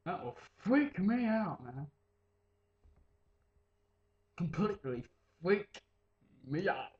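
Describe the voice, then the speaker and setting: Slow, mumbling teen guy. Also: high-pitched, big pitch swings, roomy sound, highs cut off. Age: late teens. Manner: mumbling, jumps between silly voices. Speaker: vlogger. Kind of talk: rambling casual vlog.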